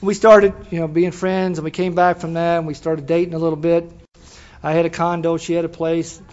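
An older man shares his story with a meeting crowd in a folksy, self-deprecating way, often stopping and restarting. His voice sits high for a man. The recording is dull and lo-fi, with laughter from the audience behind him. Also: flat delivery, fairly quick, a little mellow. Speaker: speaker sharing his story at a recovery meeting. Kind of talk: personal story told to a live audience.

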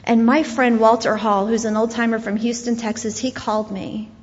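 A woman's voice: on the high side, level tone, normal speed. Grieving woman speaking in an echoing hall. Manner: earnest, storytelling, emotional. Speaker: guest speaker. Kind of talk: personal testimony talk. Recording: dull sound with long hall reverb.

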